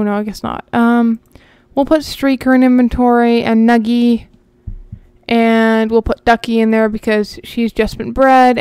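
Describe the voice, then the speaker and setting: A woman talks her viewers through a game in a loose, rambling way, often thinking out loud. Her voice sits a little high and sounds smooth and clear. The sound is close and dry, with no room echo. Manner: chatty, rambling, talks to viewers as she plays. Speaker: gaming channel host. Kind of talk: casual gameplay commentary.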